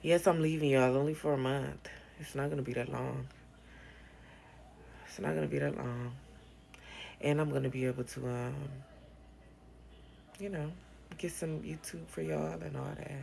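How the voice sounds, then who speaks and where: A woman's voice: low-pitched, fairly even intonation, normal speed, gravelly, long pauses, a little mellow, a little hiss or hum. A woman hosting a casual livestream from her bedroom on her phone, blunt and profane, chatting loosely and thanking viewers for gifts. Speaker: livestream host.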